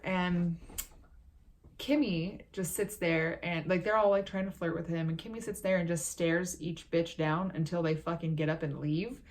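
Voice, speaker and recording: Low-voiced sarcastic young woman vlogger. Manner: profane, sarcastic, rambling. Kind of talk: casual movie recap.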